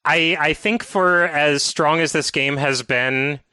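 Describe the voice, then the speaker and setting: Podcast host, male, bright and smooth voice, dry close sound, methodical recapper. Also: on the high side, slow pace, no echo. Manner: detailed, methodical game walkthrough talk. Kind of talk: casual podcast chat.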